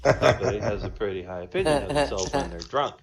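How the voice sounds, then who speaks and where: A man doing chatty stand-up, telling jokes in an animated storytelling way over a dull online voice chat. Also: lowish voice, fast, a crowd in the background. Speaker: stand-up comedian.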